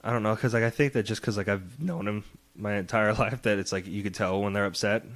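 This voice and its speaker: A man's voice: lowish voice, fairly even intonation, fast talker, fairly bright tone. A young man, a guest comedian, telling stories in casual podcast chat, rambling with lots of fillers and swearing freely. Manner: loose, rambling storytelling full of fillers and swearing.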